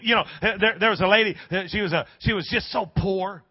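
A male pastor with a fairly high voice preaches with lively storytelling, dropping to a hush and then rising to a shout. The sound is dry and dull, like a lo-fi church recording. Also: brisk, breathy edge, dry recording. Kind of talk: sermon. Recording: dull dry lo-fi sermon audio.

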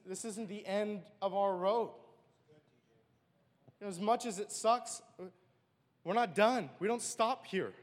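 A man with a notably high voice tells an earnest, emotional personal testimony. His words ring out with a long hall reverb trailing behind them. He speaks as a church speaker sharing his own story.

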